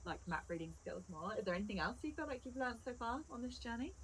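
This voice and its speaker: A woman's voice: on the high side, animated, fast talker, a little hiss or hum, poor audio. Encouraging woman interviewer. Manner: encouraging, many short backchannels. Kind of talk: casual interview chat.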